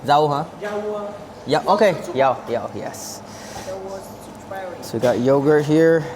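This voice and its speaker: A man's voice: medium pitch, slow. Chatty food vlogger man, busy restaurant noise. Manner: chatty, savoring each bite with contented hums. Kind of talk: casual food review vlog. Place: indoor hotel buffet restaurant. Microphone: camera-mounted shotgun mic.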